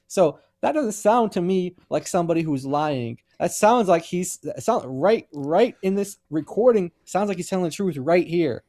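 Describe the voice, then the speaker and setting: A man's voice: high-pitched, lively intonation, normal speed, few pauses, a little mellow. A man co-hosting a livestream, arguing his points emphatically. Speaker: co-host. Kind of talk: livestream commentary.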